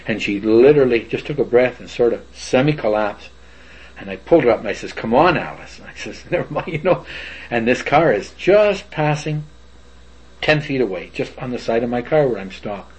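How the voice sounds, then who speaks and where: A man's voice: mid-range voice, animated, moderate pace, a little mellow, breathy edge. An older man giving rambling, detailed first-person testimony about something he witnessed. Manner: rambling, detailed storytelling with fillers. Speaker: eyewitness. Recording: dull lo-fi recording.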